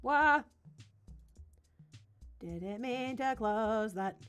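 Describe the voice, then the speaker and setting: A woman's voice: on the high side, animated, measured pace, soft background music. A young woman chatting casually and playfully on a livestream, slangy and giggly while she works. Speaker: streamer drawing commissions.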